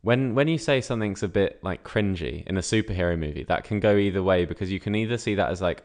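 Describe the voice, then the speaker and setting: Young guy podcasting, really low voice, says like a lot. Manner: filler-heavy, uses lots of likes, measured critique. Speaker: podcast co-host. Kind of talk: casual film review chat.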